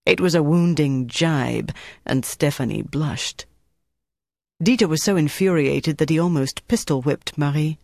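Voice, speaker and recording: A man narrating an audiobook in a steady, even storytelling manner. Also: fairly high pitch, unhurried, creaky, no room sound, studio quality. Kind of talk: scripted narration.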